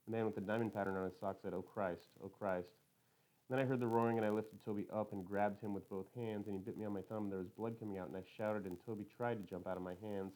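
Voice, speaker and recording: Quick, matter-of-fact male narrator. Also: low-pitched, a little mellow, rough recording. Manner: literal, matter-of-fact, detailed. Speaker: audiobook narrator. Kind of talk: first-person audiobook narration.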